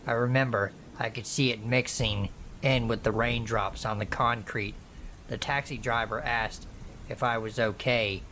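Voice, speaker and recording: A man slowly narrating a true horror story in a measured reading voice. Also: mid-range voice, sharp tone, a little hiss or hum. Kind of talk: scripted narration.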